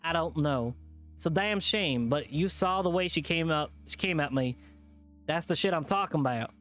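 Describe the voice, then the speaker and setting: A man voicing a menacing male hillbilly animal thug while reading a visual novel aloud, in a slow, drawling, threatening way. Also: on the high side, lively intonation, fairly bright tone, soft background music, voice pushed up.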